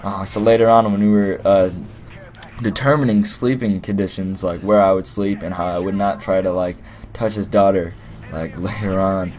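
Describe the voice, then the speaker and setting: Deep-voiced young man rambling a story. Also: fairly even intonation, moderate pace, a little mellow. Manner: rambling and playful, heavy on fillers. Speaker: gaming commentator. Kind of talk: casual storytelling over gameplay commentary.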